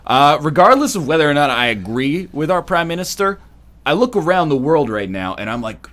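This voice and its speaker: A man's voice: on the high side, a little fast. A Canadian man hosting a let's play, chatting in a rambling, jokey way while he games. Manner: rambling, jokey, animated storytelling. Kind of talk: casual gaming commentary.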